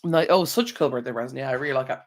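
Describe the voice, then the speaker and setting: Speaking very fast at a medium pitch, this Irish channel host runs a laid-back live stream from home. He's tired and yawning, rambling and chatting directly with viewers through an external mic.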